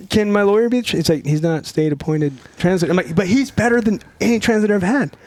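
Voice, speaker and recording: A man's voice: sits high, a little fast, dry recording. Profane, laughing storyteller man. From Northern California. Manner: profane, laughing, animated retelling with quoted dialogue. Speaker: podcast guest, former Navy SEAL. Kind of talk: casual storytelling.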